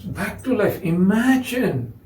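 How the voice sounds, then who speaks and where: A man's voice: high voice, slow, roomy sound, recorded from a distance, rough recording. A man with an Indian English accent telling a spiritual story in a discourse, acting out the voices of its characters. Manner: animated storytelling with acted quotes. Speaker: spiritual speaker.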